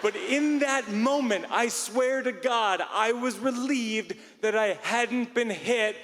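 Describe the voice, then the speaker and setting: A man telling a stand-up story in a rambling, self-mocking way, now and then bursting into shouts, on a theater stage. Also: very high voice, slow pace. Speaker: stand-up comedian. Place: large theater stage before a live audience. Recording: live hall recording with faint room noise.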